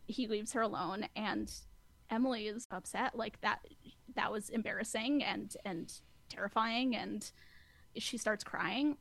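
A woman hosting a casual recap chat, lively, acting out quotes and laughing often. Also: medium pitch, a little slow, vocal fry, dry recording. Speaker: podcast host recapping a show.

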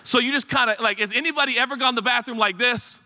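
Talking fast in a very high voice, a middle-aged pastor spins a rambling, funny story in his sermon. He's animated and chatty, with rambling asides to his congregation, and the church sanctuary adds long hall reverb.

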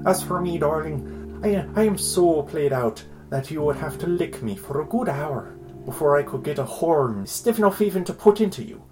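A man's voice: on the high side, animated, normal speed, dark tone, faint music behind, pitched above the performer's own voice, natural voice. A man putting on an Irish accent to read a crude love letter aloud, theatrical and breaking into laughter. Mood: lusty, mock-dramatic. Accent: put-on Irish. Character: man reading his own lusty love letter.

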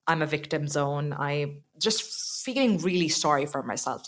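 A young adult woman telling a personal story in a casual chat, animated and acting out the quotes. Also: normal speed. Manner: animated, acts out quotes with rising pitch. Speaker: podcast guest.

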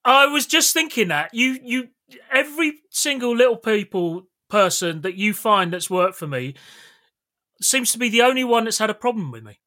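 A man's voice: very high-pitched, lively intonation, moderate pace, sharp tone. A man hosting a podcast in playful casual chat, laughing often. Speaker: podcast host.

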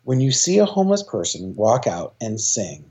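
A man's voice: lowish voice, sing-song, moderate pace, mellow. A man, a choir director, talking as an interview guest, eager and rambling, with lots of fillers and restarts. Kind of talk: casual interview talk.

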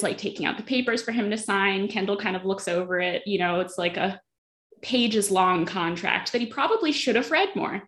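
A woman's voice: medium pitch, fairly bright tone. A woman co-hosting a podcast, chatting casually as she retells a TV episode scene by scene, acting out the characters' lines. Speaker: podcast co-host. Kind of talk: casual chat recapping a TV episode.

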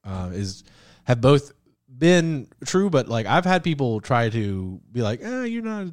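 Animated, profane podcast co-host man. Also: mid-range voice, slow pace, no echo, studio quality. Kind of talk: casual chat.

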